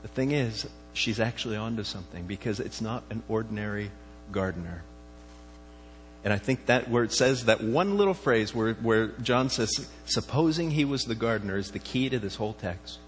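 A man's voice: lowish voice, lively intonation, moderate pace. Male pastor preaching in an echoing hall. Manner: conversational, asks the listeners questions. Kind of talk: sermon. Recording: reverberant hall with faint mains hum.

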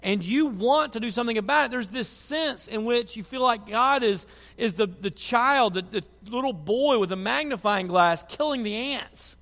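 A man preaching a sermon, moving from quiet reflection to loud, impassioned pleading. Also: very high voice, normal speed. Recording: long hall reverb.

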